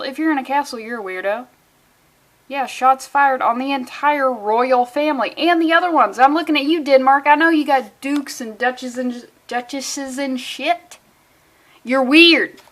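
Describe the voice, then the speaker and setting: A woman's voice: fairly high pitch, a bit bright. A woman reviewing a comic book in a casual vlog, rambling off on sarcastic tangents and swearing often.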